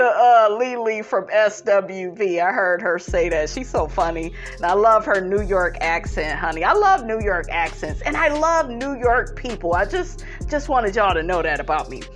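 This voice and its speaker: A woman's voice: mid-range voice, lively intonation, normal speed, few pauses, fairly bright tone, faint music behind. A woman, giving sassy casual commentary and reading out viewer comments, calling her viewers honey. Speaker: commentary host.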